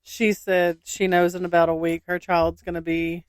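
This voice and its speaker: A woman's voice: lowish voice, flat delivery, normal speed, clean tone, dry recording, studio quality. A woman co-hosting a podcast, telling anecdotes with giggles and reading odd state laws to listeners. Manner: giggly, storytelling, addresses listeners as y'all. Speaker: podcast co-host. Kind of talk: casual podcast chat.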